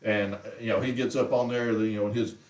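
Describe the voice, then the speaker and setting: A man's voice: lowish voice, steady tone, quick pace, a little mellow. A man hosting a casual show from home, ranting in a heated, exasperated way. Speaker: show host. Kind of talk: casual rant on a livestream. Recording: roomy echo, mic far off.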